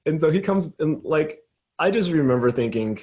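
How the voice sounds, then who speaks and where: A man's voice: a little high, lively intonation, moderate pace, a little mellow. A young adult man, a youth pastor, telling a story in a casual round-table chat, acting out the dialogue and laughing often.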